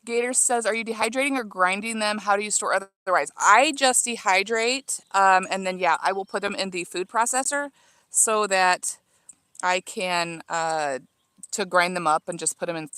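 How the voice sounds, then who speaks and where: A woman in her thirties from Illinois chats with viewers as she trims her garden herbs, rambling along with plenty of ums and restarts. Her voice sits at a medium pitch. The sound is dry and close, with no room echo. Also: moderate pace, pushed and bright. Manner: chatty, reading out viewer comments, many fillers and restarts. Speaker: livestream gardening host. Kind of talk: casual livestream chat while gardening. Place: outdoor home garden.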